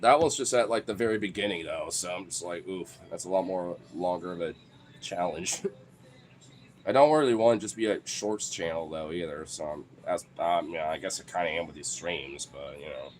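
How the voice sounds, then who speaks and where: A man's voice: low-pitched, moderate pace, slight background noise. A man chatting casually on a live stream from home, rambling, swearing freely and laughing between thoughts. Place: home with dogs.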